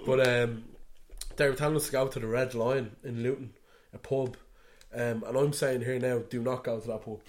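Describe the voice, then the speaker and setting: A man's voice: mid-range voice, steady tone, normal speed, a little hiss or hum. Young Dublin Irish man, podcast co-host; chatty, laughing storyteller who acts out quotes. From Ireland. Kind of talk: casual chat.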